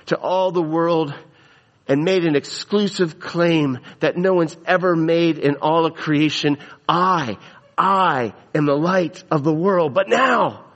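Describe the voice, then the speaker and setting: A man preaching a sermon, emphatic, repeating phrases for stress. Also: on the high side. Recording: long hall reverb.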